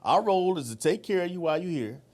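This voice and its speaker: A man's voice: sits high, lively intonation, quick pace, a little mellow. A man in charge at a jail, chatting in a good-humored way and laughing between lines, heard from off-mic. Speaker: jail official. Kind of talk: casual chat.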